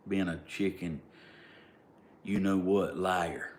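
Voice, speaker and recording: Southern man, vlogger, low-voiced and blunt, talks plain and gets worked up. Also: measured pace, a bit bright. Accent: Southern US (Georgia). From Southern United States. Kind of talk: casual storytelling.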